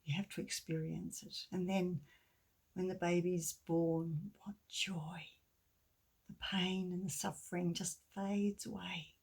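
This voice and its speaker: A middle-aged woman giving a gentle sermon with a children's story, often dropping to a soft near-whisper. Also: on the low side, level tone, moderate pace, creaky, breathy edge. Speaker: church speaker.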